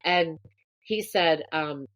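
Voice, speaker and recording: Female co-host, low voice, animated warm storyteller, casual chat. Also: takes it slowly. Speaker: podcast co-host.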